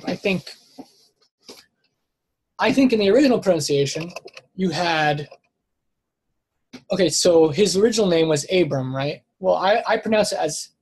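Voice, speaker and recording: A man giving a casual, unscripted scripture lesson, thinking aloud, stopping to correct himself and filling pauses with "um" and "like". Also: sits high, a little mellow, husky, poor audio. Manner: hesitant, self-correcting, thinks aloud with many fillers. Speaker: Bible study teacher.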